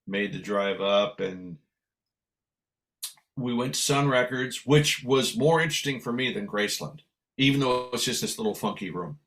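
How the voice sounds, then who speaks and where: A man from San Francisco, a guest musician telling a long story in a lively, animated way. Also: mid-range voice, normal speed. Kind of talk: casual storytelling.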